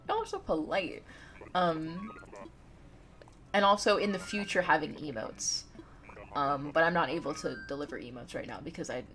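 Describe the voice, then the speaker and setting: Lowish-voiced chatty woman streamer. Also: a bit bright. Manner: chatty, giggly, talks straight to chat. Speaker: livestreamer. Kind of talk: casual live-stream chat while playing a game.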